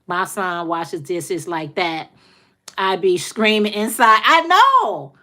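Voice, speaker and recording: A woman's voice: fairly low pitch, takes it slowly, pushed and bright. A middle-aged woman hosting a casual livestream, chatting to viewers in a talkative, folksy way and often repeating herself. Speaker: livestream host.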